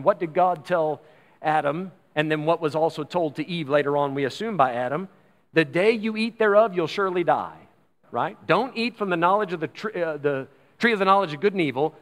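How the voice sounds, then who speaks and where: A man preaching a sermon as pastor, emphatic, slowing down to stress key phrases and acting out the voices he quotes. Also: fairly high pitch, long reverb tail.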